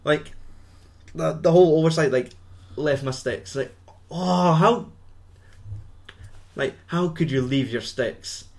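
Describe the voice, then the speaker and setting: A man's voice: a little high, takes it slowly, creaky, long pauses, darkish tone. Rambling, swearing man. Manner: rambling, profane, laughs often. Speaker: podcast host. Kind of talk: casual film recap chat.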